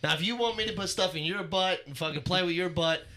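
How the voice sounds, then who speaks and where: A man's voice: sits high, quick pace, sharp tone. A man co-hosting a casual comedy podcast, crude and blunt, swearing freely. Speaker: podcast co-host.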